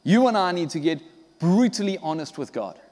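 A man preaches in a high voice, pressing his points hard and sometimes acting out what people say. His delivery stays conversational. The sound carries a long reverb, as in a big hall. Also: expressive, moderate pace, a little mellow. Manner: emphatic, conversational preaching with acted-out dialogue. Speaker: pastor. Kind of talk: sermon.

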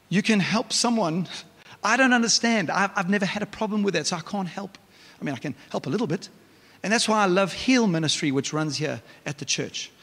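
A male pastor, preaching a lively, conversational sermon with frequent restarts. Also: sits high. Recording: reverberant church hall.

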